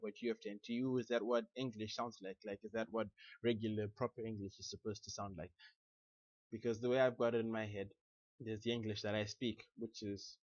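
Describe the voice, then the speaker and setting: A man's voice: medium pitch, no echo. A young man talking casually to camera in a loose, rambling, self-deprecating way. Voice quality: chatty, many restarts and fillers, self-deprecating. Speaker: vlogger. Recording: dull lo-fi, dry.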